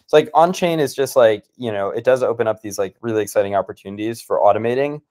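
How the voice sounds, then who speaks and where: A man's voice: lowish voice, a little mellow. A man, a startup founder, explaining his ideas in casual conversation on a video call, enthusiastic and full of "like" fillers. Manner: fast, filler-heavy, enthusiastic with frequent "like". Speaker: startup founder, guest speaker.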